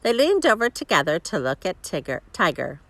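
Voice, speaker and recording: A woman reading a children's story aloud, expressive, with chuckling asides to her listeners. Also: lowish voice, brisk, no echo. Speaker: storybook reader.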